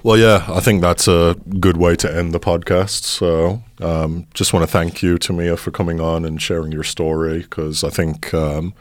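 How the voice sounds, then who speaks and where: Low-voiced man hosting a podcast. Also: flat delivery, normal speed, few pauses, no room sound. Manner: low-key, short affirmations. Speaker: podcast host. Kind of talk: interview wrap-up, casual.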